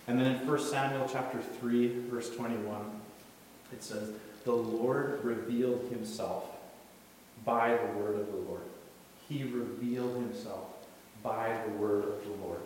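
A man preaches in a relaxed, conversational way, acting out the people in his stories. His voice rings through a large, echoing hall and is picked up from some distance. There is a faint hiss in the background. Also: medium pitch. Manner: casual, storytelling, acts out quotes. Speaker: youth pastor. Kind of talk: sermon. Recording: echoey hall, distant mic, faint noise.

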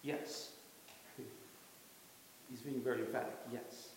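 A man preaching a sermon as pastor in a church, animated, acting out quotes and chuckling often. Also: medium pitch, takes it slowly, slight background noise. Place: church sanctuary during a service. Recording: very echoey hall reverb.

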